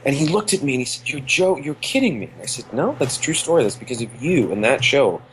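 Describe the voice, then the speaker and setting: A man's voice: medium pitch, sing-song, fast, a little hiss or hum, rough recording. A middle-aged man co-hosting a podcast, telling earnest stories in a rambling way with many restarts. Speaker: podcast co-host. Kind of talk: casual nostalgic chat.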